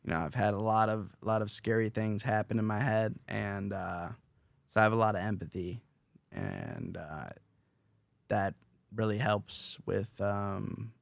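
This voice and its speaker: A young man with a low, gravelly voice talks through his thoughts on a podcast. He rambles and circles back with fillers and restarts. The sound is dry and close, with little room around it. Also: steady tone, unhurried, dry recording. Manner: rambling, self-reflective, many fillers and restarts. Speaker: podcast host, interviewed as guest. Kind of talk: casual podcast chat.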